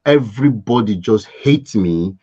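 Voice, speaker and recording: A man in his forties from Africa, a podcast guest telling his life story in a lively, acted-out way. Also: on the low side, unhurried, slightly rough. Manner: animated storyteller, laughs and acts out scenes. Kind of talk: casual storytelling interview. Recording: dull lo-fi sound.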